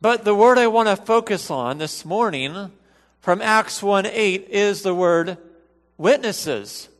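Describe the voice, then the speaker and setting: A man preaching a sermon to a church congregation, in an earnest, measured way with emphatic repetition. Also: high voice, long reverb tail. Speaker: pastor. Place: church sanctuary.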